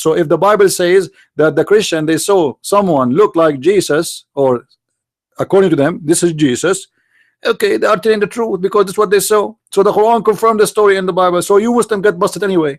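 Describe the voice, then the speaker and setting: Sarcastic man with a high voice. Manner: sarcastic, mocking, jeering. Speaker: online commentator. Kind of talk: mocking rant.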